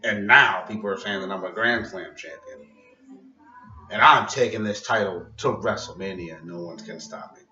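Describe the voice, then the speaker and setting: A bored male wrestler drones through his promo with flat, disinterested delivery, as a man mimics him. The tone is sharp and a touch low. It sounds dull and lo-fi, from a distant mic in a roomy space. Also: moderate pace, faint music behind.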